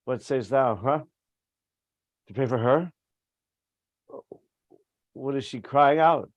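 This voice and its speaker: A man reading the part of a commanding but troubled king in an amateur Shakespeare reading, with brisk delivery. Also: mid-range voice, no echo, natural voice. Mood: alarmed. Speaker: reader in a play reading.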